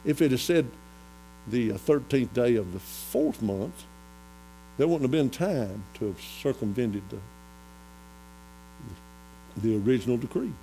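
A man preaching a folksy sermon, retelling a Bible story and getting louder as he goes. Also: medium pitch, measured pace, long pauses, poor audio. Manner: animated, rises to loud excitement when retelling the story. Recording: faint mains hum.

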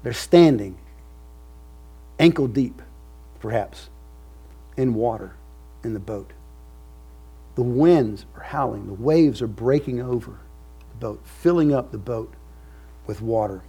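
A man's voice: mid-range voice, expressive, slow pace, pauses often, dark tone, slightly rough. A male pastor preaching a sermon with an emphatic, repetitive cadence.

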